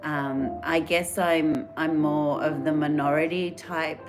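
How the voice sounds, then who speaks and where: A woman chats on a livestream in a low, unhurried voice, rambling earnestly and answering viewer comments. Music plays clearly in the background. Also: steady tone. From Australia. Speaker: livestream host. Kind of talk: casual live-stream chat.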